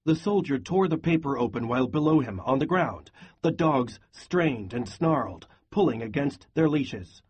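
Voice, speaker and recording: A man reading a novel aloud in a steady, even voice for a class lesson. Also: mid-range voice, normal speed, breathy edge. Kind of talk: read-aloud lesson narration.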